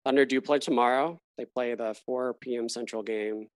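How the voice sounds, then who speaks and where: A man's voice: mid-range voice, fairly even intonation, moderate pace, no echo. Chatty man hosting a casual podcast. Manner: chatty, laughs often, trails off mid-thought. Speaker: podcast host. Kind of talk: casual chat.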